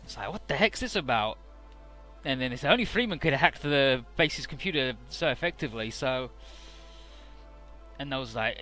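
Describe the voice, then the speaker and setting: A man's voice: mid-range voice, expressive, pushed and bright, soft background music. A man hosting a casual game playthrough, recapping the story and swearing casually. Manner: paraphrases dialogue in quick put-on snippets. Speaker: let's-play host.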